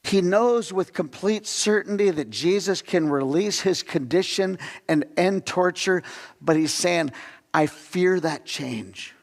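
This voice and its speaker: A man delivers a sermon in a church sanctuary, his voice a little high with a gravelly edge. He preaches conversationally, asking the congregation questions and acting out quotes. A long reverb from the hall trails each phrase. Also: measured pace. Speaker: pastor.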